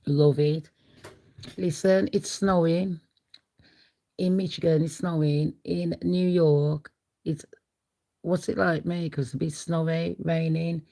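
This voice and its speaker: Slow, gravelly woman chatting on stream. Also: low voice, fairly even intonation, dark tone, rough recording. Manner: chatty, blunt, laughs often. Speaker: livestream host. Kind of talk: casual livestream chat.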